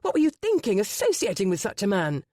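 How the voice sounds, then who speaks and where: Brief: narrator as a blustering, indignant young lord. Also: male voice, high-pitched, sing-song, brisk, no echo, studio quality. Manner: loud, indignant. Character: stern nobleman brother, indignant and stubborn. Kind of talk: audiobook character voice.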